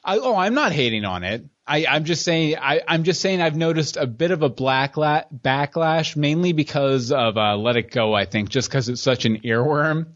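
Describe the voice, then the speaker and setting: A man's voice: on the high side, expressive, normal speed, few pauses, fairly bright tone, no room sound. A man co-hosting a podcast, chatting casually and joking, often restarting his sentences. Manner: chatty, jokey, with frequent restarts. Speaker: podcast co-host. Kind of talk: casual chat. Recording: dull lo-fi podcast audio.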